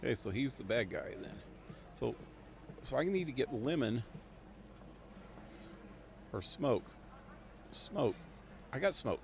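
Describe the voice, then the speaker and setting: A man streaming a game, talking slowly in a gravelly voice as he thinks aloud and rambles. A faint hum of noise sits under him. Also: medium pitch, expressive. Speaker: live-streaming gamer. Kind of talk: live gameplay commentary.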